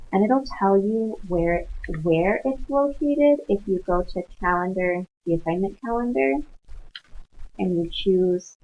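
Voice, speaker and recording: A woman Spanish instructor patiently walking students through online coursework, mixing English with Spanish words. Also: medium pitch. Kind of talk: screen-share walkthrough of online coursework. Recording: tinny phone-like lo-fi audio.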